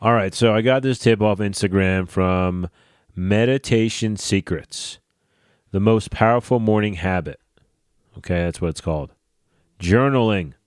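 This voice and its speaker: A man hosting a casual solo podcast, swearing freely and ranting in a lively way. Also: on the low side, a little slow, clear, resonant tone, no room sound, studio quality. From New Jersey / New York area. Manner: profane, animated ranting. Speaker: podcast host.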